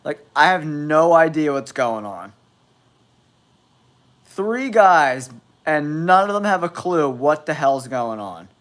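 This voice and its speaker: A man's voice: fairly high pitch, sing-song, slow, long pauses, a bit bright. A man with a nasal voice from a cold, hosting a live football stream with blunt, exasperated commentary. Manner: blunt, exasperated trash talk. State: has a cold.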